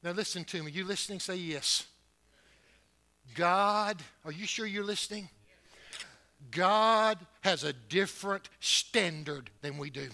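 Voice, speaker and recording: A man preaches in a church building, surging up loud and then dropping low, speeding up and slowing down for emphasis. His voice sits high for a man and has a strikingly bright, sharp edge. It is a sermon delivery, direct and urgent toward the congregation. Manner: emphatic preaching with wide swings in loudness and pace.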